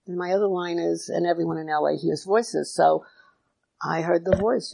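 A middle-aged woman tells her recovery story in a gravelly, husky voice that sits fairly low. She talks candidly and confessionally, with wry asides about herself. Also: normal speed, warm tone, poor audio. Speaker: recovery speaker.

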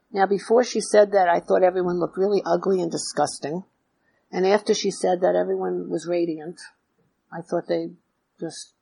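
A middle-aged woman tells her recovery story in a gravelly, husky voice that sits fairly low. She talks candidly and confessionally, with wry asides about herself. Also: a little mellow, low-quality recording. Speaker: recovery speaker.

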